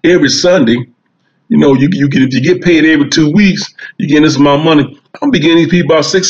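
A man's voice: a little high, quick pace. Drawling man telling a story. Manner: folksy, drawling Southern storytelling with quoted dialogue. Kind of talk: storytelling stand-up monologue. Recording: dull, muffled sound.

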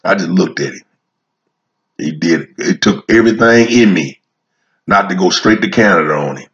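A man's voice: low voice, expressive, moderate pace, a bit bright, dull audio. A man talking casually in a rambling storytelling monologue, repeating phrases as he goes.

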